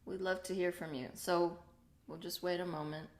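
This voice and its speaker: Chatty, low-voiced woman co-host. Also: little pitch movement, moderate pace, slight background noise. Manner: chatty, affectionate. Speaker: co-host of spiritual livestream. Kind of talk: casual chat.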